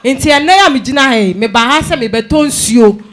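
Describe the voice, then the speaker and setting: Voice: sits high, animated, moderate pace, a bit bright. Church member giving a plain testimony. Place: church service.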